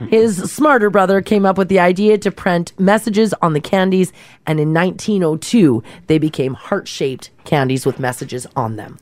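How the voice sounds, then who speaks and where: A woman co-hosting a casual radio show, trading stories and reading out fun facts with an animated, laughing manner. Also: on the low side, normal speed, no echo.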